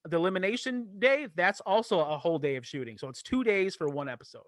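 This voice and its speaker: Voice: medium pitch, expressive, fast, dry recording, studio quality. A woman chatting casually on a podcast, easygoing and agreeable, asking a fellow contestant about her time on the show. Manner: easygoing, asks leading questions, agreeable.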